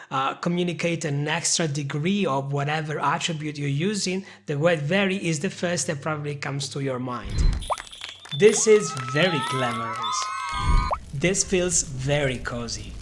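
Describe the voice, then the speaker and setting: A man's voice: fairly high pitch, a bit bright. A young man teaching English in a video lesson, playful and emphatic, leaning hard on key words and laughing often.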